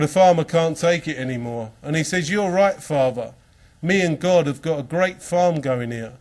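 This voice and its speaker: A man from England speaking at a youth ministry conference, telling a story with quoted characters and then preaching earnestly. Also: fairly high pitch. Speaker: Christian speaker. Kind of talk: conference talk.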